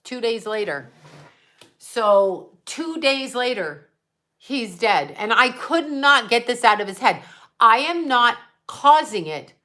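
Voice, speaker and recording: A middle-aged woman tells a personal story on her psychic livestream, talking straight to her viewers. Her voice is bright and clear. She rambles from one point to the next, and her telling carries strong feeling. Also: fairly high pitch, animated, slow. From United States. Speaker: psychic medium livestream host.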